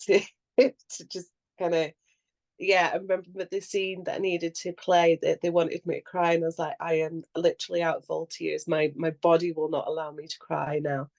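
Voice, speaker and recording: A young woman with a slightly low voice chats casually on a podcast and tells stories with plenty of animation. She laughs freely and puts on little voices for the people in her stories. It sounds like relaxed, unscripted conversation between friends. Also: moderate pace, creaky. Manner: animated storyteller who acts out quotes and laughs often. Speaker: actor and podcast co-host.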